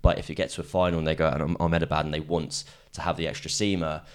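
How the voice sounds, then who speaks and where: This is a man with an extremely low voice, co-hosting a casual cricket podcast. He talks quickly and rambles, stacking up fillers as his thoughts run on. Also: level tone. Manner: fast, rambling, leans on "kind of". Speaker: podcast co-host.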